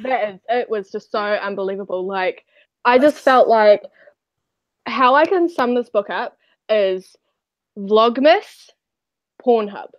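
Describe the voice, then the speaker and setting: A woman co-hosting a casual book chat, animated and exclaiming, laughing often. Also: a little high, takes it slowly, pauses often, no echo, muffled recording. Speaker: co-host.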